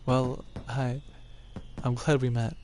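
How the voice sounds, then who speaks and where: A man playing a story game on stream, reading the lines aloud and reacting loudly with swearing and laughter. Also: medium pitch, level tone, slow, slight background noise. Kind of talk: game let's play with read-aloud dialogue.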